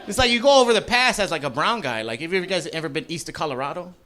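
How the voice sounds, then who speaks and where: A man performing a live stand-up comedy set in a club, loose and profane, rambling with lots of fillers and shouting mock voices of angry people. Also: a little high, expressive, fast talker. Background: audience laughter.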